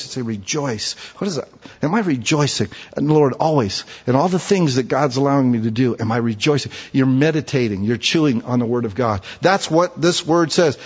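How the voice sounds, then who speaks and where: A man's voice: medium pitch, lively intonation, fairly quick, breathy edge, highs cut off. Folksy preaching man, echoey hall. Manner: folksy storytelling, swinging between hushed asides and raised emphatic preaching. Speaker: pastor. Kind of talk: sermon.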